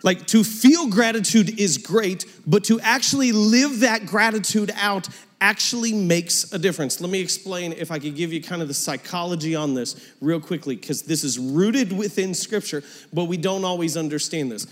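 Joking pastor preaching in a reverberant hall. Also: male voice, high-pitched, moderate pace. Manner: conversational, joking, pulls back to quiet asides. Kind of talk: sermon. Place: church auditorium.

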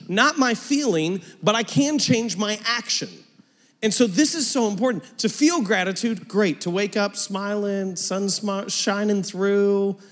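A man in his thirties preaching a sermon as pastor, conversational and joking, dropping into quiet asides between louder points. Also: high voice. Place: church auditorium. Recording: long hall reverb.

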